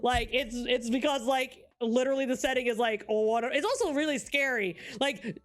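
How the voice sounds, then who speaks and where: A woman's voice: on the high side, moderate pace. A young woman co-hosting a podcast in casual book-club chat, giggly and rambling, full of filler words. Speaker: podcast co-host.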